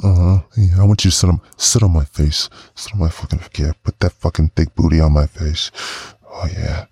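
A man hosting an adult podcast, performing an intimate audio role-play in a slow, breathy murmur full of moans and cursing. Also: deep voice, steady tone, mellow. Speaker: podcast host.

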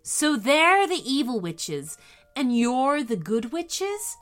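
A woman voicing a level-headed mother in a storybook reading, speaking calmly and reasonably. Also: high-pitched, slow pace, faint music behind, voice pushed up, heavily acted.

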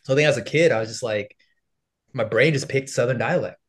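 Laughing often and leaning on filler words, this young adult from the U.S. chats as a content creator guest on a casual interview podcast. He has a mid-range voice and talks fairly quickly.

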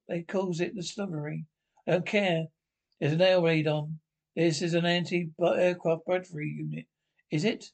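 British man, high-pitched, blustering army comedy orders. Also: a little mellow. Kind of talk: 1970s British film comedy acting.

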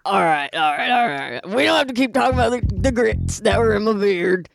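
A man doing a gravelly flustered teacher. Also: sits high, expressive, brisk, fairly bright tone, faint music behind, heavily acted. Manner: flustered, repeating himself. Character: sheepish male school teacher, gruff. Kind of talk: improvised comedy role-play.

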